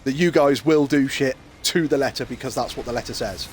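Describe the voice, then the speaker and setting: A man's voice: medium pitch, a little fast, slight background noise. A British man streaming a game, chatting casually and telling a long joke full of fillers and restarts. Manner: rambling, many fillers and restarts. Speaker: gaming streamer.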